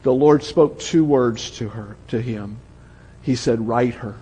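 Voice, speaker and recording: Older Southern preacher, husky and reverberant. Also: male voice, medium pitch, slow pace. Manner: storytelling, drops to a soft hush for emotional moments. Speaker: pastor. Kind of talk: sermon. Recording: long hall reverb.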